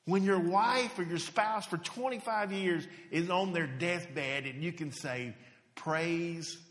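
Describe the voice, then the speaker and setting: A bright, forceful male preacher, his voice carrying through a church hall that rings with long reverb. He speaks in a storytelling style, lively one moment and hushed the next, and sits a touch high for a man. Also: measured pace. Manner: storytelling, animated, drops to near-whisper at emotional points. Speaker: hospice chaplain preaching. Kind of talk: sermon.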